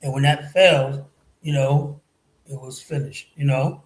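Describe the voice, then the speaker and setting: A man's voice: mid-range voice, steady tone, measured pace, low-quality recording. A middle-aged man in a casual live-stream chat, telling a long story in a rambling way, swearing often and filling gaps with "you know". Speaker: show regular telling a travel story.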